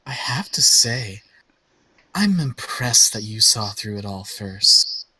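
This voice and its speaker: A man voicing a sinister female spirit who tempts and taunts in a soft, coaxing voice. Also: on the low side, animated, slow, husky, no room sound, voice pushed down, exaggerated voice. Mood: coaxing menace.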